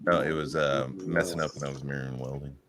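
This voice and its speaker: A man in a casual chat, easygoing and quick to laugh. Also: rumbling low, steady tone, background noise.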